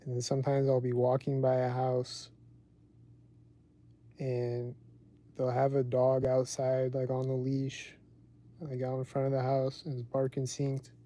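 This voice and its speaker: A man's voice: medium pitch, completely flat delivery, a little slow, pauses often, mellow. A man hosting his own livestream podcast, talking casually and rambling with lots of "like" fillers. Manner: rambling, heavy use of "like". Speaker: livestream host.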